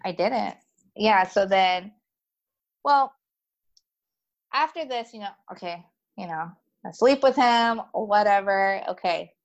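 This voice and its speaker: A woman at a middle pitch, speaking as a guest and recounting her own story in casual conversation. She is chatty and animated, full of fillers and quick quoted voices of other people. The recording is a little dull and muffled.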